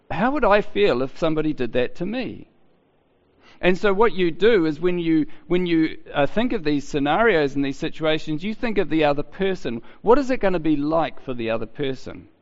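A man preaching a sermon in a chatty, halting way, often restarting his sentences. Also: a little high. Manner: conversational, halting with many restarts. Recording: dull sound with long hall reverb.

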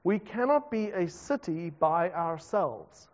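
A man's voice: high-pitched, very animated, takes it slowly, a little mellow. A South African man, a pastor, preaching a conversational sermon with self-deprecating asides. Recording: dull reverberant hall recording.

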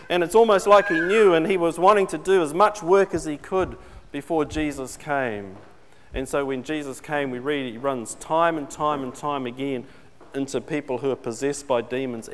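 A man preaches a sermon in a chatty, questioning way, often turning to his congregation. His voice sits a little high. A long reverb trails behind him, as in a large church hall. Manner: conversational, asks the congregation questions.

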